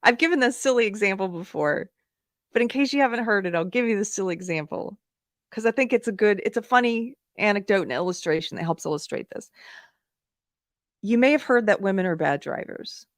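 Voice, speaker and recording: A woman hosting a live talk show, telling a personal story in a candid, animated way with fillers and laughs, at times close to tears. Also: mid-range voice, a little fast, dry recording. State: emotional, near tears. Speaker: podcast host. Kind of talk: live-streamed commentary, personal anecdote.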